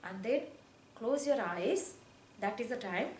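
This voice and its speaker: A woman giving spiritual instruction on meditation, speaking in slow, repetitive phrases with hesitations and soft, falling affirmations. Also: fairly high pitch, expressive, reverberant, slight background noise, rough recording. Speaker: spiritual teacher. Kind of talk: guided meditation teaching.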